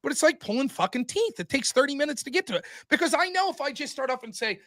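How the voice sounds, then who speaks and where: A man talking as a podcast guest in casual chat, animated and profane, acting out quoted back-and-forths from debates. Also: very high-pitched, quick pace. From outside the United States. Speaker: podcast guest taking over the show.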